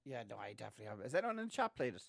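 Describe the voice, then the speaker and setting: A man co-hosting a gaming podcast, chatting casually and telling animated stories. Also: mid-range voice, very fast, vocal fry. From Ireland. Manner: chatty, animated storytelling with laughs. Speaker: podcast co-host. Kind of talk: casual chat.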